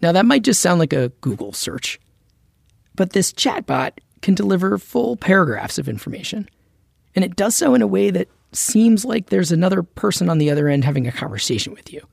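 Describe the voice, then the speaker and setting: Podcast host, husky and a bit gravelly, scripted narration, close dry mic. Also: medium pitch, big pitch swings, no echo. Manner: clear, measured explainer delivery.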